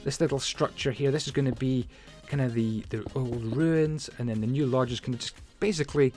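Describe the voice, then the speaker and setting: A Minecraft building channel host rambles chattily through a casual game-building video, telling stories with plenty of fillers and asides. His medium-pitched voice is steady, fairly quick and a little mellow, with faint music behind.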